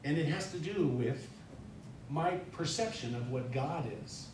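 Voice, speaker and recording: A man's voice: lively intonation, measured pace, darkish tone. Chatty man speaking in an echoey church. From North Dakota. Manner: chatty, self-deprecating, many fillers and restarts. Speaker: guest speaker. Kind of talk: informal sermon talk. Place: church sanctuary. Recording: echoey church hall, distant mic, faint rumble.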